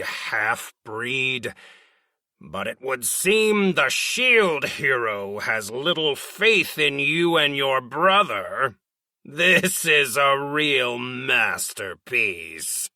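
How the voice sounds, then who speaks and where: A man voicing an arrogant, regal, lion-like beastman noble who talks in a slow, booming sneer. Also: big pitch swings, creaky, sharp tone, no echo, studio quality, exaggerated voice.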